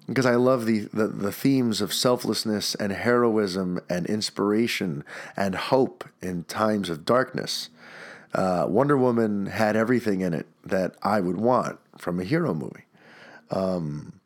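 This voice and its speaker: A man with a stuffed-up nose hosting a solo podcast, talking in a rambling, enthusiastic way with many restarts. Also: fairly low pitch. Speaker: podcast host.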